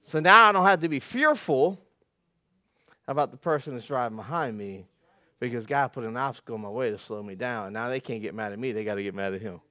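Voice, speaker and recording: A man preaching a conversational sermon, telling stories with folksy self-deprecating humor, dropping to quiet asides and climbing to loud, emphatic peaks. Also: mid-range voice, brisk, no echo. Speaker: pastor.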